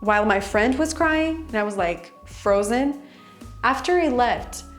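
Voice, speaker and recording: A young woman chatting excitedly in a casual storytime vlog, full of "like" fillers. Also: on the high side, a little slow, soft background music. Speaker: vlogger.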